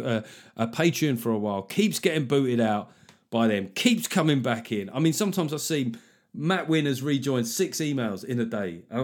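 Brief: male podcast host, casual and irreverent, average pitch. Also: a little mellow. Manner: jokey, swearing, riffing on names. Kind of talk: casual chat.

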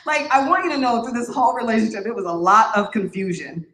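A woman's voice: fairly high pitch, fast talker, a bit bright. A woman speaking in a church, sharing a candid personal testimony in a conversational, joking way. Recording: echoey church room.

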